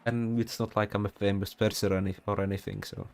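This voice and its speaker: Casual, rambling sim racing commentator. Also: male voice, on the low side, level tone, fast talker, clear, resonant tone. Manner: casual, rambling, many fillers and asides. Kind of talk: live race commentary.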